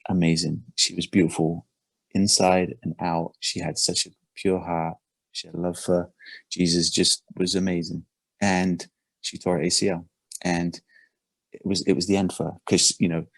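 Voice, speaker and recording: Brief: male coach, low husky voice, dry close sound, earnest and halting. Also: no room sound. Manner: earnest, repeats words and restarts often. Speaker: performance coach. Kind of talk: casual podcast conversation.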